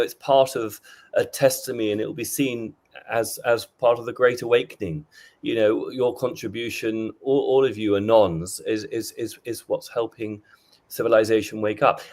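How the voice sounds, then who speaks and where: A man who is a guest on a roundtable podcast. His voice is fairly low. He rambles loosely in casual conversation. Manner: rambling, talks astrology.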